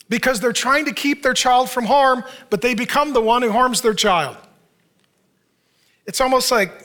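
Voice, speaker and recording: A man delivers a sermon in a church, loose and conversational rather than formal. His voice sits high and carries a bright edge. He keeps the congregation involved with questions and dry humor. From Arizona, United States. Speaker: pastor.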